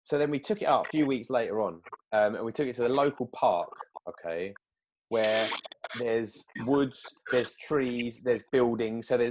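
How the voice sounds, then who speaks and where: A man telling a story in casual chat, animated, acting out quoted lines with big jumps in pitch. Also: a little hiss or hum.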